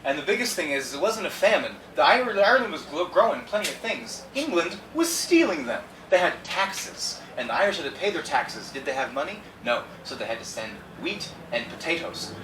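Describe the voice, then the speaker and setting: A man runs a live improv set, ranting with a lively, sharply bright voice that swings up into shouted punchlines. He sounds slightly high for a man. The sound is roomy and distant, with a faint hiss behind it. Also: a little fast, hardly any pauses. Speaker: improv host. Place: comedy venue with audience. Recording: echoey room from far off, faint noise.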